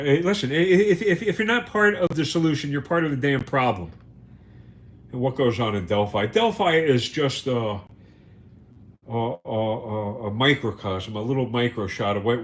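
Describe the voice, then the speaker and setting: A man telling a rough street story on a livestream, loud and profane. He stammers and repeats himself, then acts out the shouting in the story. His voice sits at an ordinary middle pitch. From United States. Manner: profane, emphatic, repeats words, acts out quotes. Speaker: livestream host. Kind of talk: casual storytelling monologue.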